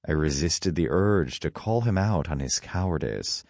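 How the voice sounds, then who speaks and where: A man's voice: a bass voice, animated, moderate pace, gravelly, a little mellow, no echo. A man narrating a story in the first person, with a wry, dry storytelling manner.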